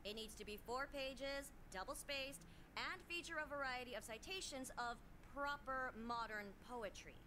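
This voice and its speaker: A woman's voice: sits high, normal speed, noisy background, lightly acted. A woman voicing an earnest English teacher in a game, prim and lecturing. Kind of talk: game voice acting.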